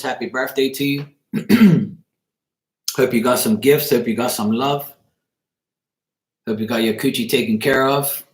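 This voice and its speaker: A man giving a casual live-stream tarot reading, blunt and crude, rambling and often asking "you know what I'm saying". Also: mid-range voice. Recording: echoey room.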